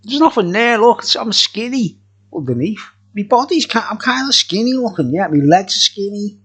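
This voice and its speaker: A man's voice: high voice, sing-song, normal speed, a bit bright, breathy edge. A middle-aged man reviewing beer in a tipsy, jokey, rambling vlog chat, laughing often.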